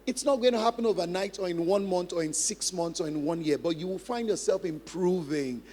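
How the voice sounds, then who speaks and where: A man's voice: sits high, brisk, a little mellow. A male pastor giving a conversational teaching sermon, laughing often and repeating points for emphasis. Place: church hall. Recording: long church reverb, faint music.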